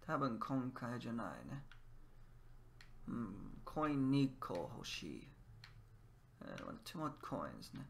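A man's voice: medium pitch, sing-song, moderate pace, creaky, pauses often, a bit bright, a little hiss or hum. A man giving casual gameplay commentary while teaching Japanese, trying out phrases and explaining them in English as he plays. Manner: switches between Japanese phrases and English explanations, musing aloud. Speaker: language teacher playing a game.

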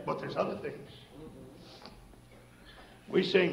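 A middle-aged man preaching a fervent sermon in a church, swinging between shouted lines and low, quiet asides. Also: steady tone, normal speed, creaky, pauses often, muffled recording. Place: church sanctuary. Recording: echoey 1970s church recording.

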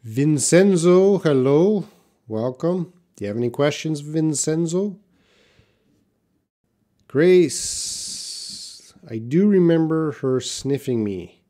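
With a fairly high, dark-toned voice, a man speaks slowly and animatedly, pausing often, as he teaches English on a live question-and-answer stream. He reads out viewers' questions and models words for them to repeat.

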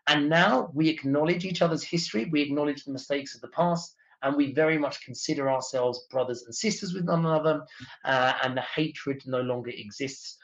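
Over dull, lo-fi audio, a man from England who works as a tour leader explains travel matters in a chatty webinar, filling gaps with uhs. He talks a little fast in a slightly high voice.

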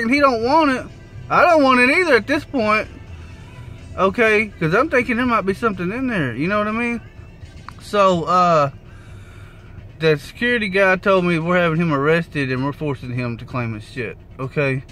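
A man telling a rideshare story in a casual vlog, animated and swearing freely as he acts out the quotes. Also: high voice, moderate pace, faint music behind. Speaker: rideshare driver vlogger.

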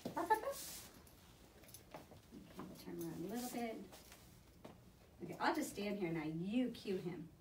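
A woman's voice: fairly low pitch, vocal fry, a little mellow, slight background noise. Woman coaching a dog lesson, echoey. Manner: brisk, encouraging instruction. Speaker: dog trainer. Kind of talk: hands-on coaching. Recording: echoey room, mic at a distance.

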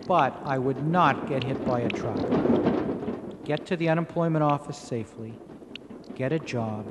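Slow-spoken young man reciting poetry. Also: mid-range voice. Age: young adult. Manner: measured, deliberate recitation. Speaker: poet narrator. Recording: echoey with steady background noise.

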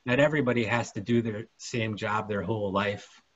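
A man voicing a gentle, wry mother in a dreamlike vision, speaking softly. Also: fairly low pitch, fairly even intonation, brisk, no room sound, highs cut off, pitched below the performer's own voice, close to an everyday voice.

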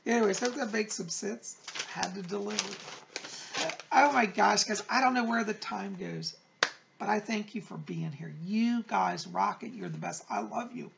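A man's voice: sits high, creaky, fairly bright tone, slight background noise. A man hosting his own psychic show, chatting effusively to viewers and calling them by pet names. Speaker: psychic medium, show host. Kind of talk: casual chat to viewers.

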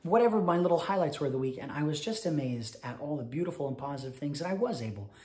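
A man, a cabaret singer, giving chatty stage patter between songs and telling a story quickly, with many fillers. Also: fairly high pitch, lively intonation. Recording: roomy sound over loud piano.

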